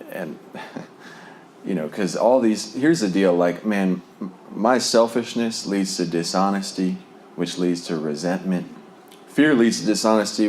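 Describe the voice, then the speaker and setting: A man's voice: deep voice, a little mellow, a little hiss or hum. A man sharing a personal recovery testimony in a conversational, rambling way, full of fillers and small laughs. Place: Lubbock, Texas.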